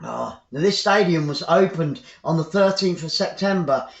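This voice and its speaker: A man's voice: on the high side, animated, normal speed, few pauses. Chatty English man commentating live football. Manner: chatty, repeats phrases, rambling asides. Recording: roomy, dull lo-fi sound.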